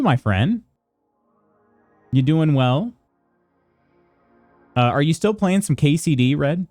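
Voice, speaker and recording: A man's voice: medium pitch, darkish tone, dry recording. A man streaming live, chatting casually with viewers and greeting them by name while reading the chat aloud. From United States.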